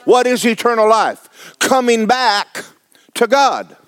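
A man's voice: extremely high pitch, lively intonation, slow pace, a bit bright. A man, preaching a folksy, joking, emphatic sermon as pastor. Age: 70s.

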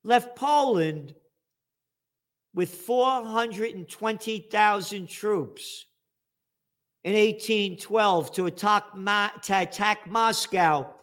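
A man delivering a political commentary rant, sarcastic and profane, rising to angry shouts. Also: high-pitched, slow.

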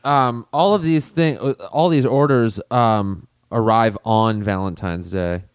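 A man's voice: lowish voice, slow pace, smooth, no echo, clean studio sound. A man co-hosting a podcast, joking and laughing through an ad read. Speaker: podcast co-host. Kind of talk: casual podcast chat.

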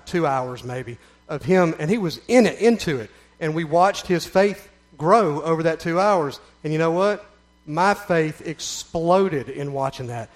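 A middle-aged man with a Southern American accent gives an earnest, folksy spoken testimony to a gathering, with repeated phrases that build up into emphatic runs. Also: fairly high pitch. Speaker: speaker giving a testimony.

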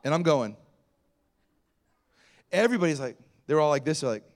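A man's voice: a little high, normal speed. A middle-aged male pastor telling a story in a sermon, acting out the voices of the people in it with big swings of energy. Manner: animated storyteller acting out quotes.

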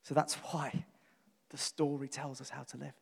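A man's voice: medium pitch, flat delivery, moderate pace, vocal fry, slightly rough. Earnest man preaching in a hall. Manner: earnest, emphatic, builds lists and repeats phrases. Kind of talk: sermon. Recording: long reverb from a large hall.

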